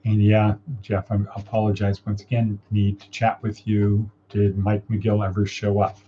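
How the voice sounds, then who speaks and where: A man's voice: lowish voice, completely flat delivery, normal speed, mellow, dull audio, slight background noise. A man hosting a casual morning coaching livestream, upbeat and encouraging as he reads viewer comments and guides listeners through steps.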